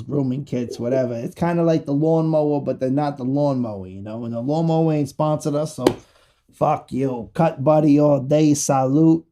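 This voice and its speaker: A man's voice: mid-range voice, warm tone. A man hosting a podcast, rambling casually and profanely through a joking sponsor read. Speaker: podcast host.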